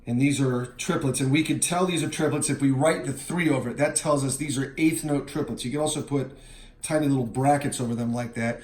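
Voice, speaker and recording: A man explaining how to chart a drum part, counting beats out loud and scatting the fills. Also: medium pitch, a little fast. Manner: counts beats aloud and scats drum parts. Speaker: drum teacher. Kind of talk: instructional walkthrough. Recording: roomy, with music playing.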